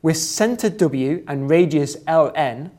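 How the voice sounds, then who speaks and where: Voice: mid-range voice, expressive, darkish tone. A presenter, reading out step-by-step geometry drawing instructions and adding dry, joking asides. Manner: deliberate, dry asides, breaks into laughter at times.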